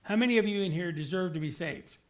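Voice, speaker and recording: High-voiced earnest male preacher. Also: fast. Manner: earnest, repeats key words for emphasis; conversational asides and fillers. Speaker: pastor. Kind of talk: sermon. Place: church sanctuary.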